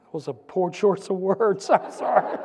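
A man preaching a sermon as pastor, with a repetitive, building cadence that rises to shouts. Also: high-pitched, background noise. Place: church sanctuary. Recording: church hall reverb.

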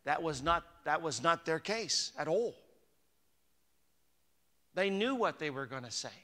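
A man's voice: a little high, expressive, unhurried, pushed and bright. A man preaching a sermon as pastor, chatty and conversational, climbing to emphatic peaks. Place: church sanctuary. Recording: long hall reverb.

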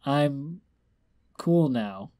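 A man puts on a tipsy young pony mare from a storybook reading, pitched well above his own voice and a little louder. She slurs, stammers and pities herself, with a dark, mellow tone underneath. It is his own voice pushed higher. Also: animated, drawn-out words. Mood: weepy. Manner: slurred, self-pitying, stammering.

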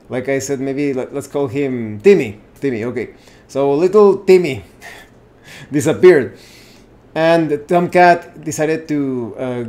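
Higher-voiced man explaining at an easy pace. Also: a little mellow. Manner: unhurried, improvising with frequent self-corrections. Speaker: channel host explaining solo tabletop games. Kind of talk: casual explanatory talk.

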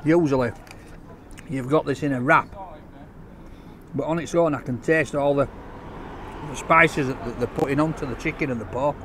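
A man's voice: medium pitch, normal speed, long pauses, a bit bright, slight background noise. A man reviewing a takeaway meal in a chatty, enthusiastic, jokey way, talking outdoors on a street. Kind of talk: casual food review vlog.

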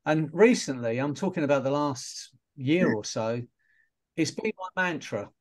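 This is a man, a hypnotherapist and trainer, speaking to students over a video call. His voice sits a little high for a man, and his delivery is loose and conversational, full of fillers and small laughs. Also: lively intonation, unhurried. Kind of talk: online talk to an audience.

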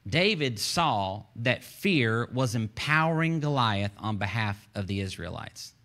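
A man with a Texan accent, a church pastor preaching a sermon from the stage in an animated, joking, conversational way. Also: medium pitch.

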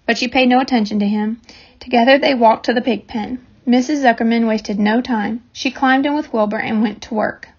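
A woman reading a children's novel aloud in a steady storytelling manner, on a dull lo-fi recording. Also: a little high, a little fast, breathy edge. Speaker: reader.

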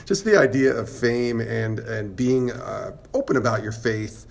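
A male podcast host asking halting, searching interview questions. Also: mid-range voice, gravelly.

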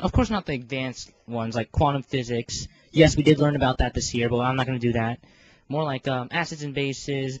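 A man's voice: mid-range voice, no echo. Teen boy vlogger, self-deprecating, full of ums and restarts; dull, dry home recording. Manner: rambling and self-deprecating, many fillers and restarts. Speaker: video creator organizing a fan voice series. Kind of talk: casual rambling vlog.

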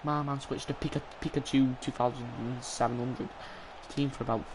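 A man's voice: medium pitch, level tone, moderate pace, background noise. A young man giving gameplay commentary, ranting and swearing at the match in front of him. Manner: ranting, swearing, exasperated muttering. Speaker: gaming channel host.

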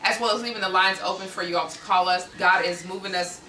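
A bright, forceful American woman chats casually about her ministry, animated and quick to laugh. She sits back from the mic in an echoey room. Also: mid-range voice, far from the mic, slight background noise. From United States. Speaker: ministry host. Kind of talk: casual chat.

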